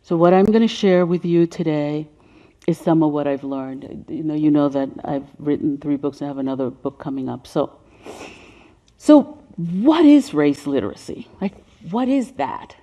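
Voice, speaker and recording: A woman of about seventy with a deep voice gives a seminar presentation on racial healing. She speaks softly and sinks to a whisper on emotional points. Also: moderate pace. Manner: soft-spoken, sinking to a whisper on emotional points.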